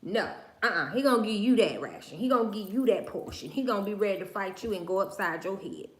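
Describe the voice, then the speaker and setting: A woman's voice: mid-range voice, lively intonation, fast talker, echoey room. A woman hosting a livestream, giving her opinions in a slangy, emphatic, preachy way, repeating her phrases. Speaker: livestream host. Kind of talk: casual opinion monologue on a livestream.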